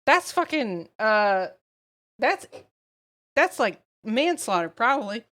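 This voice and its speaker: A woman streaming a game live, reading its text aloud and reacting with animated, swearing, mock-angry commentary, her voice strained and going. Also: on the high side, takes it slowly. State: losing her voice.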